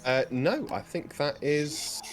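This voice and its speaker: A man's voice: on the high side, lively intonation, takes it slowly, over music. A man playing a tabletop game who explains the rules of his moves with dry jokes.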